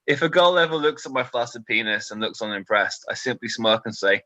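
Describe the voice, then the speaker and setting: A British man in his twenties doing a stand-up set, delivering deadpan one-liners with nervous asides to a quiet crowd. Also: medium pitch, brisk, no echo, poor audio. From Britain. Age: 20s. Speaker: stand-up comedian.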